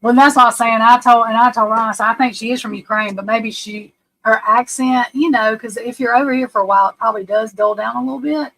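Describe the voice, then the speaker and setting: A woman's voice: a little high, steady tone, fast talker, creaky, fairly bright tone, rough recording. A middle-aged woman from the United States hosting a live stream, rambling and frank, restarting her sentences and swearing casually.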